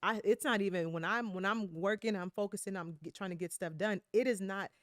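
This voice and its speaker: A woman's voice: medium pitch, brisk, no echo, clean studio sound. A woman in a candid conversational interview, speaking reflectively with many fillers and tag questions.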